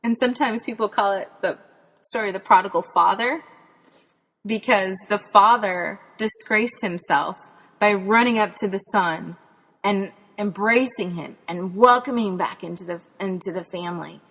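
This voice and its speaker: A woman's voice: medium pitch, moderate pace, fairly bright tone. A woman from Texas, a podcast host and spirituality author, earnestly tells a personal faith testimony in a reflective way. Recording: long hall reverb.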